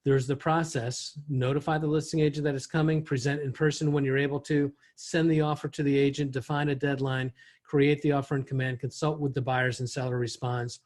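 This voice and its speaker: A man's voice: mid-range voice, little pitch movement, a little fast, a little mellow. A middle-aged man leading an online real estate training session, talking in a conversational way with frequent restarts.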